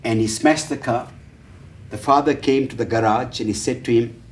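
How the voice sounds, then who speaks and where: A man's voice: medium pitch, fairly even intonation, moderate pace. A man giving a workshop talk on family life, telling stories and acting out the dialogue with hesitant fillers. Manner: storyteller who acts out the dialogue in changed voices, with frequent fillers. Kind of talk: lecture told through stories. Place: talk venue, roomy space. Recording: roomy echo, distant mic.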